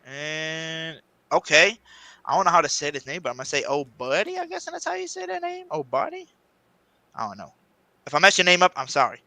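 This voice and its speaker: A man's voice: a little high, big pitch swings, a little fast, bright, forceful tone, no room sound. A man hosting a live podcast, talking in a hyped, loose and joking way. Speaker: host.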